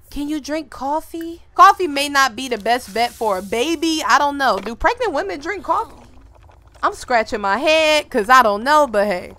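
Excitable young woman narrating gameplay. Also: high-pitched, moderate pace. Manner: excitable, loud outbursts and laughter; talks to viewers in casual slang. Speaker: gaming video creator. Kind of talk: casual gameplay commentary.

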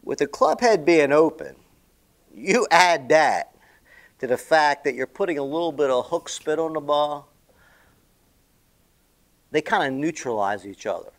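Guy rambling on about his golf lesson, pitch bouncing all over, kinda high voice, salty and animated. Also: a little slow, long pauses. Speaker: golf vlogger. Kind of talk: casual storytelling monologue.

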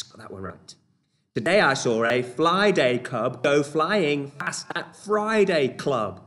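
A man's voice: medium pitch, a bit bright. A man leading an online children's club, playful and encouraging, with mock-exasperated exclamations.

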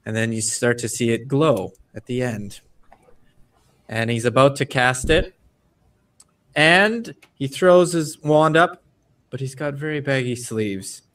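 A man's voice: medium pitch, slow, long pauses, recorded from a distance. Man telling a tabletop adventure as game master. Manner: lively storytelling, slipping into character voices. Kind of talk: narrating a tabletop game online.

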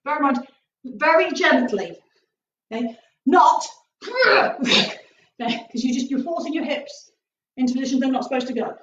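A woman's voice: high-pitched, expressive, normal speed, long pauses, a bit bright. A woman martial arts instructor leading a live online stretching class, chatty and upbeat with jokey asides. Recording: distant, roomy, dull with faint noise.

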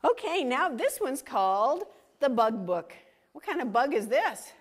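A woman reads a picture book aloud to young children, stopping often to ask them questions. Her voice sits fairly high and swoops up and down with lively energy. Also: unhurried. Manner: animated, questions for the kids. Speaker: children's storytime reader.

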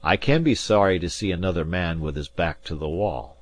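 Audiobook: low-voiced male reader as a wary, shrewd ship captain, guarded, dry sound. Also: normal speed, no room sound. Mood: earnest.

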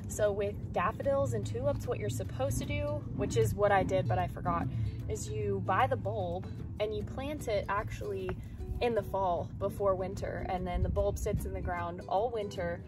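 A hyper, rambling young woman from the United States chats her way through a day of gardening at home. Her voice sits at a middle pitch and stays upbeat and chatty, with music playing clearly behind her. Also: moderate pace. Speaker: vlogger. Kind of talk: casual chat while gardening. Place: at home, indoors and in the yard.

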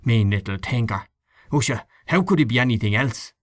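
A man's voice: mid-range voice, lively intonation, normal speed, no room sound, close to an everyday voice. A man voicing a grumbling, gossipy middle-aged canvasser in a storybook reading, scornful and snuffling, with a conspiratorial manner.

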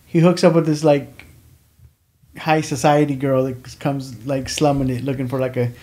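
A man's voice: medium pitch, little pitch movement, moderate pace, a little mellow. A man, a comedian chatting on a podcast and telling stories in long, rambling runs full of restarts. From Houston area, Texas. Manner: rambling storyteller, heavy on "like" and restarts. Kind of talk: casual podcast chat.

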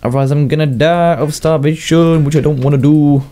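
A man's voice: on the high side, fairly even intonation, a little fast, dark tone. A young man with a Southern English accent rambling through casual video game commentary, chatting to himself and laughing at his own jokes. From southern England. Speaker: gaming YouTuber.

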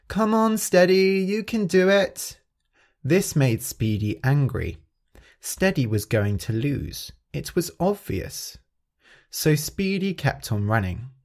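A man hosting a story podcast, narrating clearly and expressively for English learners. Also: mid-range voice. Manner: clear, expressive, carefully paced.

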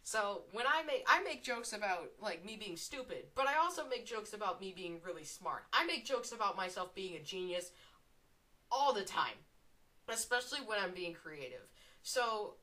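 A woman giving live gameplay commentary from home, excitable and swearing, drifting into self-mocking asides between plays. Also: medium pitch. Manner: excitable, swearing, shrieks at game moments. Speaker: gaming video creator. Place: room at home.

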